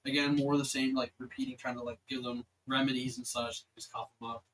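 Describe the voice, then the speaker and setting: A man's voice: mid-range voice, flat delivery, fast, fairly bright tone, a little hiss or hum, poor audio. A young man running a tabletop game as dungeon master, narrating casually with lots of filler words. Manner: rambling, filler-heavy narration.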